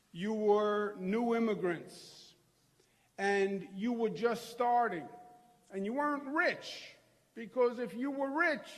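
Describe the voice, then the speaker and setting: Brief: middle-aged man, Queens accent, high bright voice, rousing folksy rally speech, long hall echo. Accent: Queens New York. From New York. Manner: rousing, crowd-working, folksy. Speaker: governor giving a speech. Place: large hall before a crowd.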